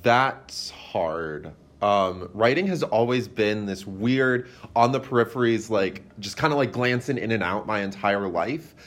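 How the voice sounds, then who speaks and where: A man's voice: fairly low pitch, expressive, measured pace, hardly any pauses, a bit bright. Young man rambling with lots of likes. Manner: rambling, many fillers, lots of "like". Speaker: playwright guest. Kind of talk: casual interview chat.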